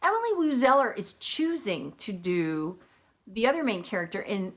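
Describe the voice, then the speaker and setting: A woman's voice: mid-range voice, very animated, normal speed. Chatty woman, book vlogger, exclamatory and easily amused. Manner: chatty and exclamatory, laughs often. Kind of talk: casual chat.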